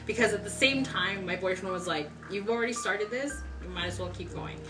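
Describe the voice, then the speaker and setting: A young woman telling her story in a casual interview, chatty and excitable, laughing often. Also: mid-range voice, a little fast, recorded from a distance. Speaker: customer giving a testimonial. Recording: roomy sound from off-mic with background music.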